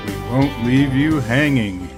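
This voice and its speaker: A man doing a fast loud pitchman. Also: music in the background, natural voice. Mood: salesy. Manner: rapid loud pitchman delivery. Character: fast, loud male commercial announcer.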